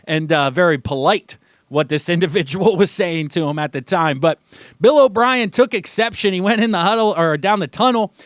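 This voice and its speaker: Brief: young male sports radio host, high-pitched, animated, mocking, dry studio sound. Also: normal speed, no echo. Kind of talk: casual sports talk monologue.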